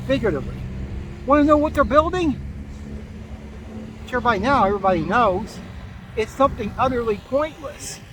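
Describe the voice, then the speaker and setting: A man's voice: high-pitched, a bit bright, a little hiss or hum. Ranting man outdoors. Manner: grumbling, sarcastic ranting. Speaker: vlogger. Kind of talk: casual outdoor vlog rant. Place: outdoors in a town, near traffic.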